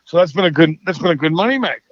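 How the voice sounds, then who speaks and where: Boston-raised male actor, relaxed and rambling, on a dull, dry lo-fi feed. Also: a little high, very fast, dry recording. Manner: easygoing, rambling, self-correcting. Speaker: actor, podcast guest. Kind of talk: casual interview chat.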